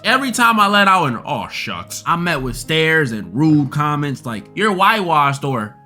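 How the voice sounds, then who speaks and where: A man's voice: on the high side, sing-song, normal speed, bright, forceful tone, faint music behind. A man answering chat questions in a comedic video, talking in a playful, mock-earnest way. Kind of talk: comedic would-you-rather video.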